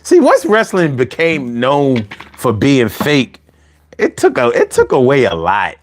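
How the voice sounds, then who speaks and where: A man hosting a casual live chat, animated and profane, laughing often as he talks. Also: mid-range voice, a little slow. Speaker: livestream host reading chat.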